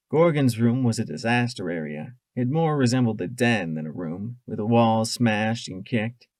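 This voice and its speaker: A man's voice: mid-range voice, no room sound. A man narrating a first-person fan audiobook in an emotive way, close to the mic. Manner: emotive, shifting from tense to hushed.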